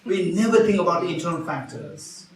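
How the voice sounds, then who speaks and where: A man's voice: on the high side, big pitch swings, brisk. A man giving an interactive Buddhist teaching, asking the audience questions and repeating key phrases. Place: retreat teaching hall. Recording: roomy hall sound from far off.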